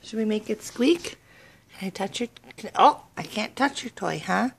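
A woman's voice: mid-range voice, animated, a little slow, gravelly, long pauses, husky. A mother in her thirties filming a family vlog, chatting fondly to her dog in a sing-song voice. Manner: sweet baby-talk to her dog. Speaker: vlogger. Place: home, then a car. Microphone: handheld camera.

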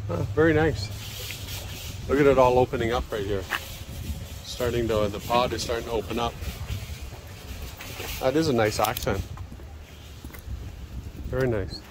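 Canadian man, casual vlog chatter, relaxed, handheld camera, noisy outdoor background. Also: mid-range voice, measured pace, pauses often. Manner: relaxed, chatty, addresses viewers and partner often. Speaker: travel vlogger. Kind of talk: casual walking commentary to viewers. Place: garden nursery, outdoors and in greenhouse. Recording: outdoor recording with background noise.

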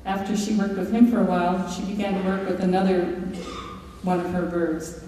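Speaking in a mellow, fairly low voice, this woman author lectures in a big hall, sharing stories and passages from her book with the odd filler or restart. The distant mic captures lots of hall echo plus slight hiss or hum.

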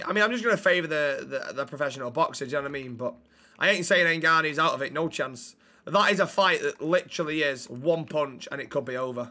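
Sweary streamer with a bright voice. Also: male voice, a little high, fairly quick. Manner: sweary, blunt banter with chat. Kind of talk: live-stream chat while gaming.

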